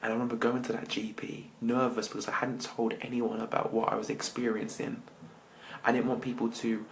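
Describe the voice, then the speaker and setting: A man, a motivational speaker, telling his personal story to an audience with dramatic pauses, often dropping his voice to near-whispers. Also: on the low side, creaky, a bit bright, slight background noise, rough recording.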